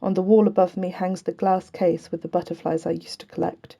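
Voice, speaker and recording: Woman audiobook reader, low mellow voice, earnest even novel reading. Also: a little fast, vocal fry. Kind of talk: novel read aloud.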